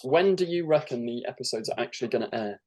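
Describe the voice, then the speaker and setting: A man's voice: mid-range voice, lively intonation, quick pace, darkish tone. A young man, a guest in a casual fan chat, eager and acting out imagined lines. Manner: enthusiastic, acts out imagined lines.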